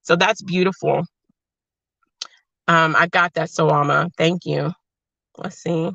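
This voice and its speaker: A woman chatting casually on a livestream, reading viewer comments in a warm, affectionate, emotional way. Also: sits low, steady tone, takes it slowly, creaky, no room sound. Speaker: livestream host. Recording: dry, slightly dull lo-fi sound.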